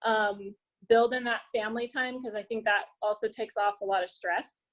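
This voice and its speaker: A woman's voice: fairly high pitch, fairly even intonation, moderate pace, highs cut off. A woman in her thirties, a health coach and nurse, sharing tips in a friendly, hesitant way with many fillers. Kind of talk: sharing tips on a group call.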